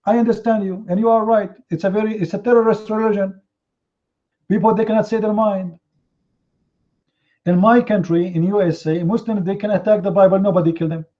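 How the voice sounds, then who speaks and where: A man's voice: sits high, fairly even intonation, fairly quick. A man hosting a heated live online debate, confrontational and mocking, firing rhetorical questions in non-native English. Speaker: debate host. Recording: slightly muffled online stream audio.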